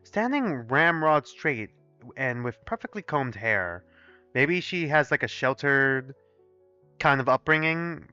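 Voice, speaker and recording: Animated, profane young man streaming a game. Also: mid-range voice, slow pace, clean tone, no room sound, highs cut off, soft background music. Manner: animated, profane, talks to chat. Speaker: gaming streamer. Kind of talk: live let's play, reading aloud and commenting.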